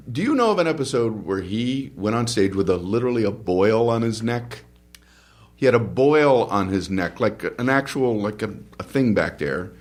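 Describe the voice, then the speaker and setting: A middle-aged man, a stand-up comedian, chatting as a podcast guest and telling animated stories from his stage career. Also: medium pitch. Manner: animated storyteller who acts out his old stage bits. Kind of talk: casual podcast chat.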